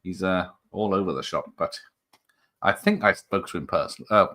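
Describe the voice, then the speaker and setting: A man's voice: sits low, moderate pace, sharp tone. A man hosting a casual live stream, rambling through comments with frequent fillers and chuckles. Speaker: host of a live show.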